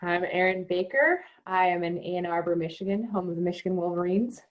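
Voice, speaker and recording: A woman's voice: on the low side, brisk, a little hiss or hum. A woman giving an upbeat, chatty check-in over a video call. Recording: muffled video-call audio.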